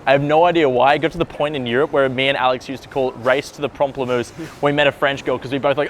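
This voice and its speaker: A man's voice: mid-range voice, fairly even intonation, fast talker, hardly any pauses, slight background noise. A man talking to the camera as a dating coach, in loose, slangy speech full of "like" and "bro", with the odd swear word. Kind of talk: casual coaching talk to camera.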